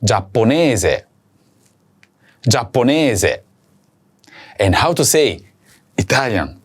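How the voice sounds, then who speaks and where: A man teaching a recorded language lesson, saying each word slowly and repeating it for learners to practise. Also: mid-range voice, big pitch swings, slight background noise.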